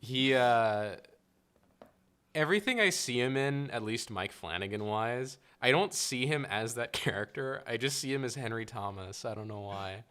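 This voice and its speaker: A man co-hosting a podcast, chatting casually in a bright, forward voice. He rambles, trails off into fillers and laughs often. His pitch sits in the middle. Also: animated, normal speed, clear, resonant tone. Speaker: podcast co-host. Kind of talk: casual chat.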